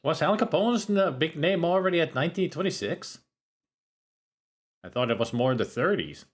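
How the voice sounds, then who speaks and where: Casually narrating his retro adventure game playthrough, a streamer jokes around in a lively, talkative way. He has a fairly high-pitched voice and a moderate pace.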